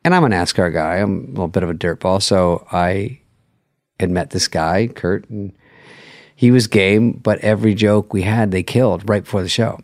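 A man's voice: low voice, moderate pace, no room sound, studio quality. A middle-aged man on a podcast, chatting casually and acting out quotes as he tells stories. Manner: animated storytelling, acts out quotes. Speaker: late-night host, guest.

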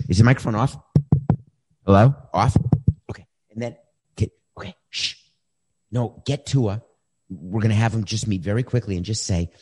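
A man's voice: lowish voice, a little mellow, husky. A man doing a frantic, scheming football coach. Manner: frantic, whispering asides to staff. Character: panicky male head coach at a press conference, scheming.

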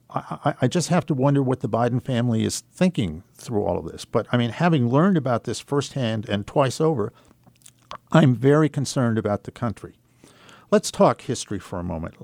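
An older man with a low-pitched voice tells a personal story on talk radio. He speaks in a measured, reflective way, pausing and hesitating as he goes. The sound is close and dry. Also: a little mellow, dry recording. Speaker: radio guest.

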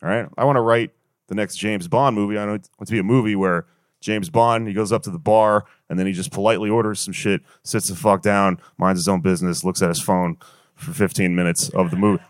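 A man's voice: lowish voice, steady tone, a little fast, no room sound. Male stand-up comic, young, profane exasperated rant, dry close sound. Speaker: stand-up comedian. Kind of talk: stand-up comedy set.

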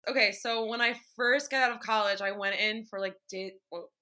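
A woman's voice: mid-range voice, a little fast, bright, forceful tone. A woman in her twenties, an actress, telling a story in a chatty way and laughing as she talks. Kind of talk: casual storytelling.

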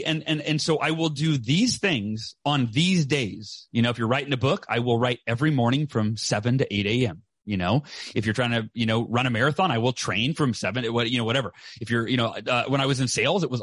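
A man's voice: on the high side, a bit bright, no room sound. A man talking in an emphatic motivational way during a conversation, who often tags his points with "right?". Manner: emphatic, repeats "right?" often, quick bursts.

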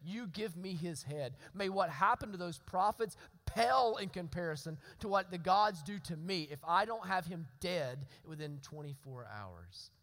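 A man voicing a powerful, menacing ancient queen, speaking slowly, low and threatening. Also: animated, fairly bright tone, long reverb tail.

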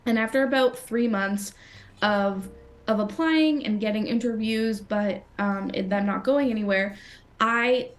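A woman's voice: medium pitch, measured pace. A young woman from Canada, a designer talking casually in an interview, with many fillers and restarts. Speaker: guest designer.

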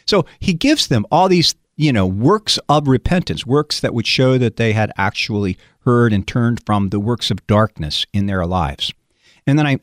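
A man's voice: medium pitch, no echo, clean studio sound. A man who is a pastor, teaching on a hymn and reading scripture aloud with dramatic emphasis. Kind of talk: radio Bible study on a hymn.

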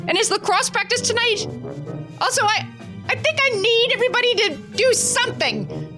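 A woman doing a shrill frazzled mom yelling. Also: expressive, moderate pace, music in the background. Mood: frantic. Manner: exasperated, scolding, shrill bursts. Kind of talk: comedy sketch.

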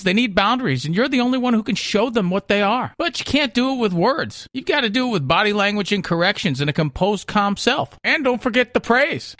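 High, lively-voiced man giving dog advice. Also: no echo, studio quality. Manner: instructive, coaching delivery. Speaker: dog behavior segment host. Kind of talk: scripted advice segment.

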